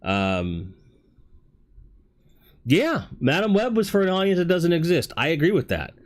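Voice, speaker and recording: A man's voice: a little high, sing-song, measured pace. A man hosting a livestream talk show, speaking candidly in a rambling way and swearing casually. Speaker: host.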